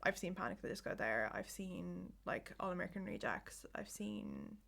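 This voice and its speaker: A woman's voice: lowish voice, very animated, moderate pace, vocal fry, a bit bright. A woman co-hosting a podcast, chatting casually and rambling with many "like"s and "um"s. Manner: rambling, full of "like" and "um". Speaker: podcast co-host. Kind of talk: casual chat.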